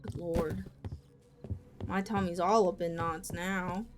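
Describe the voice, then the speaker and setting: Over music, a woman with a lowish, fairly even voice talks slowly to her live-stream chat while playing a horror game. Casual and chatty with her viewers, she startles easily and curses.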